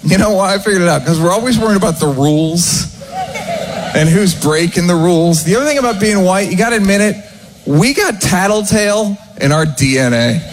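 A man performing stand-up comedy with a dry, measured delivery. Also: high-pitched, lively intonation, noisy background. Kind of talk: stand-up set.

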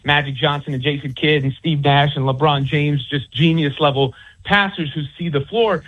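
A man's voice: a little high, steady tone, moderate pace, breathy edge. A man who writes about sports, speaking as a guest on a call-in interview, rambling with many restarts and fillers. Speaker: author and sports commentator. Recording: tinny phone line.

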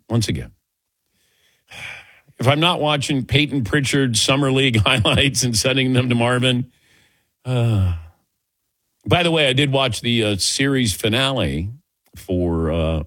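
A man's voice: mid-range voice, unhurried, pauses often, dry recording. A middle-aged man from the American Midwest hosting a sports radio show, joking and laughing easily as he tells stories. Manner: jokey, laughs easily, animated storytelling.

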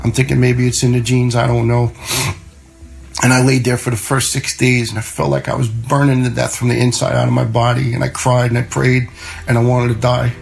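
A man's voice: mid-range voice, little pitch movement, fairly quick, vocal fry, soft background music, poor audio. A middle-aged man telling a personal story in a plainspoken, conversational way, often repeating words as he goes. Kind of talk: personal story told to listeners.

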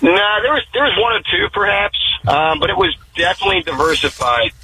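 A man from the Philadelphia area answering interview questions, hesitant with many fillers before warming up. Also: high voice, big pitch swings, a little fast, a little hiss or hum, poor audio. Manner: hesitant, many ums, then eager. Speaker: guest, trainee. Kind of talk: casual interview.

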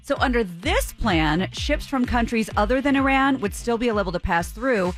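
A woman's voice: fairly high pitch, lively intonation, moderate pace, soft background music. A woman reading the news on a radio morning show in a casual, joking way, laughing between items. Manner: laughs often, jokey asides.

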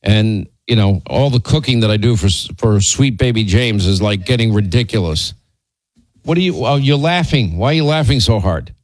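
A man's voice: lowish voice, lively intonation, normal speed, no echo, poor audio. A middle-aged man hosting a radio show, telling stories in a rambling, teasing and exasperated way with many restarts. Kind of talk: casual storytelling chat on air.

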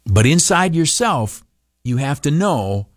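A male radio broadcaster giving an animated motivational talk, often stopping on filler uhs and breaking into mocking high voices. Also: slow pace, no room sound, studio quality.

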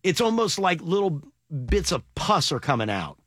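Lively, bright-voiced radio host. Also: male voice, high-pitched, no echo, studio quality. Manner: animated, joking, quick to laugh. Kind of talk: morning radio banter. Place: radio studio. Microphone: studio mic.

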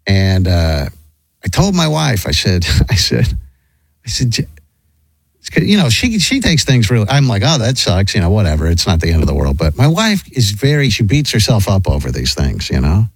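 Animated, rambling man telling a story. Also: lowish voice, normal speed, slightly rough, no echo. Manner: rambling, animated, lots of restarts and acted quotes. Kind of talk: casual storytelling chat.

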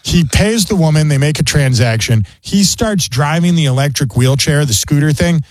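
Brief: animated male host, dry studio sound, joking banter. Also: fairly high pitch, moderate pace, no echo. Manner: animated storyteller, jokey. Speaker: radio show host. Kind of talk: casual radio banter.

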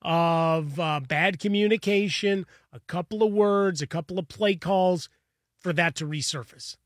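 A man's voice: high-pitched, measured pace, dry recording, studio quality. A man co-hosting a sports talk show, chatting casually and explaining with everyday analogies. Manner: conversational, builds analogies. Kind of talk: casual sports radio chat.

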